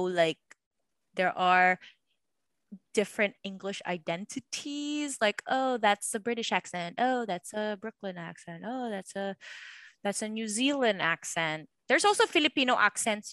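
A woman's voice: mid-range voice, sharp tone, dry recording. A young woman from Macau co-hosting a casual podcast, rambling with many fillers. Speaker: podcast co-host.

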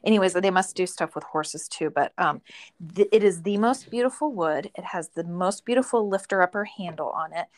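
A woman's voice: lowish voice, a little fast, no room sound. A woman co-hosting a podcast in casual chat, chatty, trailing off mid-sentence and laughing often. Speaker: podcast co-host.

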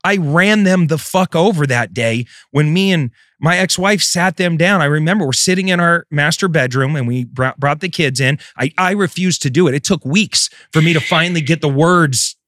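A man's voice: on the high side, normal speed, few pauses, no room sound, clean studio sound. Intense man telling a raw story. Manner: intense, swings between loud and hushed. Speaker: podcast host. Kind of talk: emotional personal storytelling.

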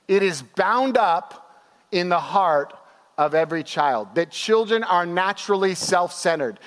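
High-voiced animated young male pastor. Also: a little slow. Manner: animated storytelling with laughs and acted-out quotes. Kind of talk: sermon. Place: church. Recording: long hall reverb.

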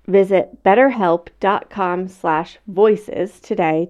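Slow-reading woman in a muffled ad. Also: medium pitch, a little mellow. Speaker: ad reader. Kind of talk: read sponsor ad.

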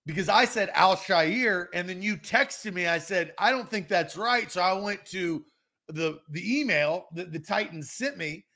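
A man's voice: high-pitched, expressive, measured pace, pushed and bright. A man co-hosting a sports podcast in casual, playful chat, going back and forth with his co-host. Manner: playful, talks over his co-host while debating pronunciations.

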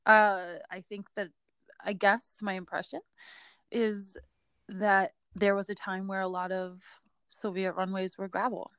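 A woman's voice: medium pitch, level tone, a little slow, a bit bright, smooth, no room sound. A woman co-hosting a podcast, telling an aviation story in a chatty, casual way with frequent laughs and fillers. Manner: chatty, laughs often, lots of fillers and hedges.

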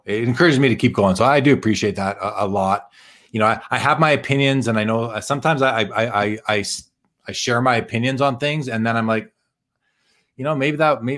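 A man hosting a live podcast in casual chat. He reads viewer comments aloud, talks in halting restarts, and says he is tired and losing his voice. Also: on the low side, a bit bright. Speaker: podcast host.

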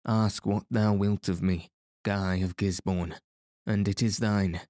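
A man's voice: lowish voice, steady tone, slow, dark tone, dry recording, clean studio sound. A man voicing a cruel middle-aged male sheriff who speaks in a commanding, gloating way.

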